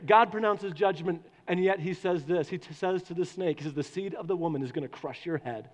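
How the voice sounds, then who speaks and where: A man preaching a sermon to a congregation, animated and putting questions to the listeners. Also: sits high, dull audio. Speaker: pastor. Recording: long hall reverb.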